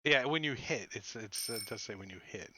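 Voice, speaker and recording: A man acting as game master who narrates a tabletop game with relaxed, chuckling asides. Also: medium pitch, brisk, slight background noise. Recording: dull lo-fi mic.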